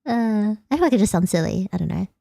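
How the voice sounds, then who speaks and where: Australian woman streamer, mellow tone, giggly and rambling, dry close sound. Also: medium pitch, lively intonation, fast talker, vocal fry, no echo. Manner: giggly, rambling, self-deprecating. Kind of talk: casual late-night chat stream.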